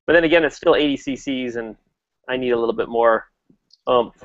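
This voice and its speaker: A man chatting casually about motorcycles, rambling and restarting as he goes. His voice sits at an ordinary pitch. The sound is dull and lo-fi, like an online call. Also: brisk. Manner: rambling, many fillers and restarts. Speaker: motovlogger hosting a chat. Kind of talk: casual chat.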